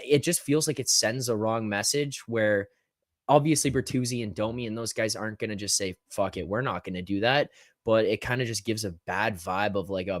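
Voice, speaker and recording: A man talking hockey on a podcast as a guest, animated and rambling, swearing freely, with a lot of filler words. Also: medium pitch, no echo, clean studio sound. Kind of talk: casual hockey podcast chat.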